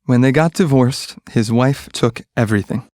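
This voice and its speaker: A man reading short English practice sentences one by one, clearly and evenly. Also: medium pitch, dry recording, studio quality. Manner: clear, even, measured delivery of single sentences.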